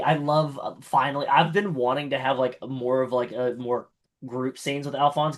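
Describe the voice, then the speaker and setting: A man chatting casually as a tabletop game player, rambling through compliments with lots of fillers and restarts. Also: on the high side. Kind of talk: casual post-game feedback chat.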